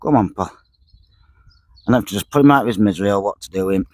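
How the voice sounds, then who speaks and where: A man's voice: lowish voice, fast, no room sound. A man, chatting casually to camera while fishing by a lake, dropping words and repeating himself. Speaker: fishing vlogger. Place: lakeside outdoors.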